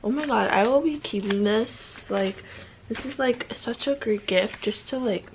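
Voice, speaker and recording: A young woman vlogging as she unboxes gifts, gushing and excitable, full of "oh my god" and "like". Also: on the high side, measured pace, poor audio. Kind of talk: casual unboxing vlog. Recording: clear background noise.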